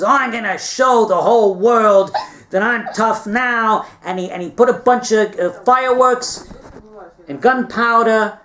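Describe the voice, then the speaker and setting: A man telling a history story in a meandering, chatty way, with playful asides and frequent check-ins with his listeners. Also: high-pitched. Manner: chatty, meandering, keeps checking in with "all right?". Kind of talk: rambling casual history retelling.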